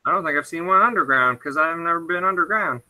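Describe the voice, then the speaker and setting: A man's voice: a little high, fast talker, pushed and bright, low-quality recording. A man playing a tabletop game in character, earnest and stammering. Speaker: player.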